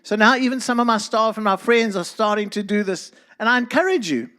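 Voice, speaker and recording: A middle-aged man with a South African accent speaks to a congregation in an earnest, preacherly way. His voice sits fairly high for a man, and he turns now and then to address people in the room by name. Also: lively intonation, fairly quick, bright, forceful tone. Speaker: guest speaker. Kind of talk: church talk to a congregation.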